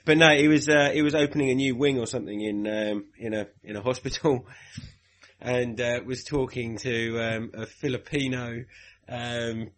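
Bright-voiced laughing man chatting. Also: mid-range voice, steady tone, normal speed. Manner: laughing, rambling with hesitations. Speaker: podcast co-host. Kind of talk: casual chat.

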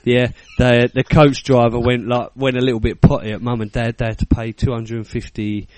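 A man's voice: medium pitch, flat delivery, fairly quick, no room sound. A British man in his thirties telling a funny story on a casual podcast, swearing freely and acting out the people in it. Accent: British English. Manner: swearing, laughing storyteller, acts out quotes. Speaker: podcast co-host.

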